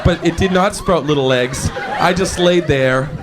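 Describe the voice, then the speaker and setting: A male stand-up comic with a bright, high voice tells stories at full tilt and breaks into shouts as he acts out scenes. A live audience roars with laughter throughout. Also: measured pace, very noisy. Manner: animated, hyper, bursts into shouting while acting out scenes. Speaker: stand-up comedian. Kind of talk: stand-up comedy. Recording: live show with crowd laughter.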